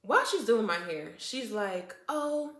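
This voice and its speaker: A woman retelling a bad salon visit in a storytime vlog, animated and indignant, tripping over her words. Her voice is bright and forward, and the room gives it a noticeable echo. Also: mid-range voice, unhurried. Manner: animated and indignant, full of "like" and restarts. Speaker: vlogger telling a story. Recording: echoey room.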